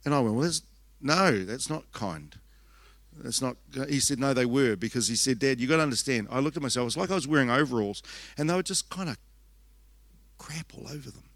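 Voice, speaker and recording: A middle-aged man preaches at a conference. He tells a personal story in a rambling, animated way and acts out each quoted line. His voice sits mid-pitch and sounds close and dry, with almost no room sound. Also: quick pace, dry recording. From New Zealand. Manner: rambling, animated storytelling with acted-out quotes and self-mocking asides. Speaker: pastor.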